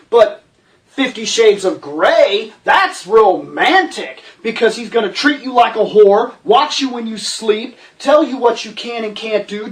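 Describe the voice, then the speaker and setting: A man's voice: high voice, fairly bright tone. Man, host, ranting movie review, profane, sarcastic, slightly distant mic.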